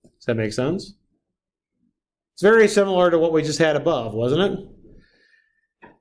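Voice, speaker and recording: This fairly high-pitched male voice is expressive and a little slow. He's a math lecturer in a classroom lecture, walking students through each step and checking in often with tag questions.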